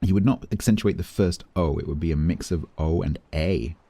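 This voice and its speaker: A man's voice: deep voice, a little fast, vocal fry, dark tone, breathy edge, no echo. A man streaming a naval war game, chatting casually and thinking aloud as he plays. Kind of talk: casual live-stream commentary.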